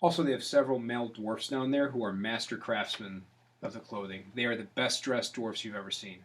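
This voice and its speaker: A man's voice: medium pitch, steady tone, fairly quick, fairly bright tone. A man narrating a tabletop game as game master, playful and rambling.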